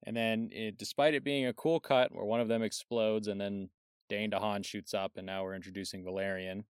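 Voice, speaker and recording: A young man with a low, plain voice talks through a movie in a relaxed, offhand way, now and then trailing off quieter. He is recorded close and dry, with no room around him. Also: brisk, clean tone, no room sound. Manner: laid-back, offhand, swears casually, works from notes. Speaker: podcast co-host. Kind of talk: casual film review chat.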